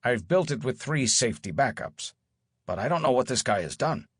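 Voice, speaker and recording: A man's voice: mid-range voice, lively intonation, moderate pace, husky, dry recording, clean studio sound. A man voicing a worried middle-aged stage manager, speaking in an anxious, hesitant way in an audiobook. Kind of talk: audiobook character voice.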